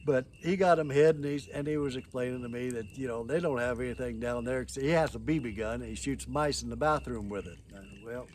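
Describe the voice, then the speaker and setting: A man's voice: medium pitch, a little fast, few pauses, a little mellow, slight background noise. An older man telling a story in a casual, rambling, folksy way, with frequent chuckles.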